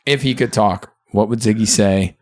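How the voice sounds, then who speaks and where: A man co-hosts a podcast, speaking in an earnest, reflective and chatty way with lots of fillers during a candid conversation. His voice is lowish and a little mellow at a moderate pace. The sound is clean studio quality with no room sound.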